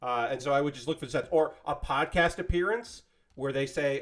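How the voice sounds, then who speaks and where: A man's voice: on the high side, brisk. A man chatting casually on a live stream while building, rambling and swearing freely as he thanks viewers. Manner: thanks viewers and subscribers by name.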